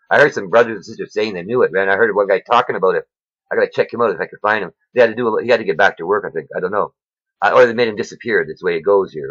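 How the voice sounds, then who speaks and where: Man, self-made video preacher, rambling and preachy, quick husky delivery, dry dull recording. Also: mid-range voice, fairly bright tone, dry recording. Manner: rambling, preachy, says "man" and "right?" a lot. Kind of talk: informal religious monologue. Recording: dull lo-fi sound.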